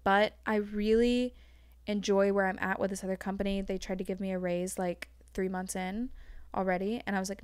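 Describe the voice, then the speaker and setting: A woman's voice: medium pitch, fairly even intonation, darkish tone, clean tone, no echo. Young woman, blunt casual talk, lots of "like" fillers, dry close sound. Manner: frank, fast-flowing, heavy use of "like". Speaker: guest. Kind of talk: casual chat.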